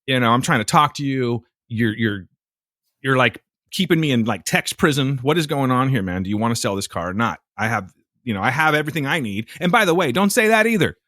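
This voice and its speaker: A man's voice: mid-range voice, fairly quick, no echo, clean studio sound. A man co-hosting a podcast, telling a story in a casual, exasperated way with plenty of swearing. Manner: profane, exasperated, animated storytelling. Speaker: podcast co-host.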